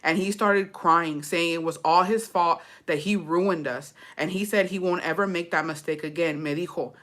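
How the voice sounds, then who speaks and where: A woman's voice: on the low side, normal speed, fairly bright tone. A young woman reading a storytime aloud in slangy, profane English with Spanish mixed in, breaking off to laugh and comment.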